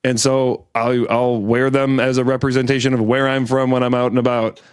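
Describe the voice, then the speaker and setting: A man's voice: medium pitch, level tone, brisk, smooth, no echo, clean studio sound. A man from Michigan telling exasperated, profane stories in a casual chat. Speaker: podcast co-host.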